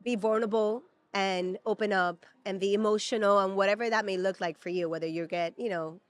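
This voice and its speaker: Woman, 30s, from Peru, native Spanish speaker, middle pitch, casual co-host chat, emotional, lots of fillers. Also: steady tone, fairly quick. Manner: chatty and emotional, many fillers. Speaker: podcast co-host. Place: at a theme park.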